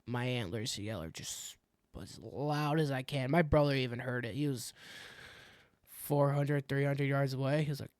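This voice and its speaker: A young man from Wisconsin co-hosts a podcast, animatedly telling a hunting story in casual chat and acting out his own reactions along the way. His voice is mid-range at a normal speed, recorded in studio quality with no echo.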